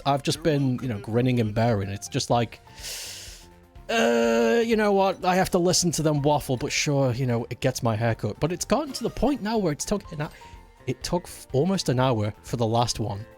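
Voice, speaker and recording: A man with a slightly higher voice rants in exasperation while streaming a racing game. He swears freely and sounds animated and fed up. Soft game music plays underneath him. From United Kingdom. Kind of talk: casual rant while gaming on stream.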